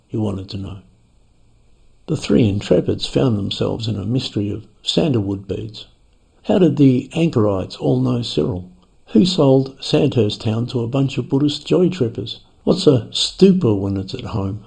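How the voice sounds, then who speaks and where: A man's voice: mid-range voice, expressive, measured pace, gravelly, darkish tone, breathy edge. A man reading a short story aloud in a wry, playful, dry manner. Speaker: narrator. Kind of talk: scripted storytelling.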